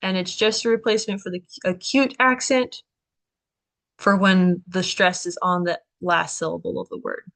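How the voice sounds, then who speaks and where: A woman's voice: lowish voice, steady tone, normal speed, a bit bright. A woman teaching a language class in a classroom, explaining letters and sounds and often checking in with "okay" and "right?". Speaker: Greek language instructor. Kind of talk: classroom lecture.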